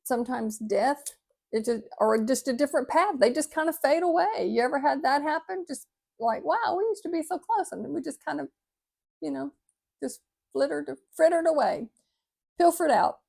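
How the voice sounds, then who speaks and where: An older retired woman, gently reflecting to her viewers in a heartfelt video talk. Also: high voice, normal speed, gravelly. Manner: gentle, heartfelt, sometimes choked up. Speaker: vlogger. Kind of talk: reflective talk reading an inspirational piece.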